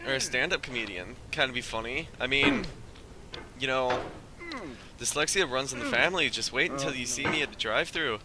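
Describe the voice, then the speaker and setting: A man's voice: mid-range voice, lively intonation, a little fast, noisy background. A man streaming a video game, rambling through jokey stories and laughing often as he plays. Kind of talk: casual gameplay commentary. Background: game music.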